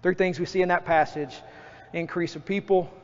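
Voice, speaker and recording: Animated high-voiced preacher in a reverberant church. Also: male voice, normal speed. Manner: animated, acts out his own outbursts. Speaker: pastor. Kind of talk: sermon. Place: church sanctuary. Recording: dull church recording with long reverb.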